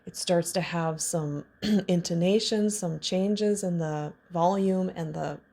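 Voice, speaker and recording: A woman's voice: lowish voice, slow. A woman in her thirties speaking as a trauma healing coach, in a candid, casual teaching monologue with laughs and personal asides. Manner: warm candid talk with laughs and self-disclosure.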